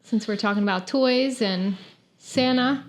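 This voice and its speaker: A woman's voice: fairly high pitch, unhurried. A woman hosting an interview, asking questions and giving brief, encouraging replies. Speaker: podcast host.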